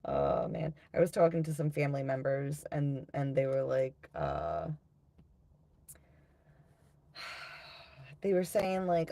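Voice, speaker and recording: A woman's voice: low-pitched, sing-song, measured pace, darkish tone. A woman in her thirties from the United States, chatting bluntly and profanely on a livestream tarot reading, reading out chat comments and laughing often. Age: 30s.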